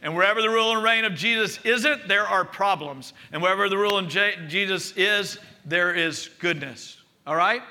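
A man's voice: high-pitched, moderate pace, hardly any pauses, pushed and bright. A man preaching a sermon as pastor, leading the congregation in spoken declarations. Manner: leads congregation in call-and-response declarations.

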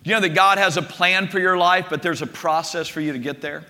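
A male preacher delivers a storytelling sermon with animated energy, doubling back on words as he goes. His voice is high and strikingly bright. A long reverb rolls around the large hall behind him. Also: brisk. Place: room with a gathered congregation.

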